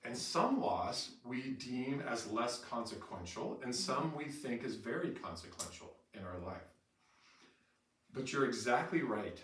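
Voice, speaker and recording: A middle-aged man leading a staff training session, telling lively stories and acting out quotes. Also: medium pitch, a little slow. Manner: animated storyteller who acts out quotes with laughter. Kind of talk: in-service training talk. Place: training room with an audience. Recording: roomy echo from far off, faint noise.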